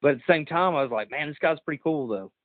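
A podcast host with a slightly high voice talks quickly, telling animated stories in a casual chat and laughing often. There's no echo, but the audio sounds tinny and phone-like.

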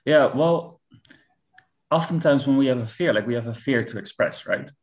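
A man coaching on relationships in a relaxed podcast chat, earnest and reflective in tone. His sentences often stall and restart as he searches for words, and he sits at an ordinary middle pitch. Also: normal speed. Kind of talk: casual podcast conversation.

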